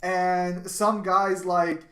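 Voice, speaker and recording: Profane, excitable male streamer. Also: sits high, drawn-out words. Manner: profane, excitable, laughs often. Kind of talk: casual live-stream chat.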